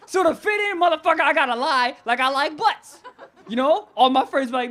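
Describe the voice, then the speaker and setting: A man's voice: extremely high pitch, lively intonation, a little fast, fairly bright tone. A young man doing live stand-up comedy, brash and profane, laughing and riffing on the crowd.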